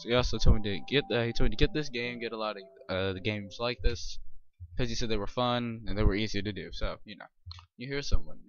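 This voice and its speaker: A man's voice: lowish voice, fairly quick, highs cut off, background noise. A young man commenting casually as he plays a horror game, rambling with lots of fillers and false starts. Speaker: gamer. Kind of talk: let's play commentary.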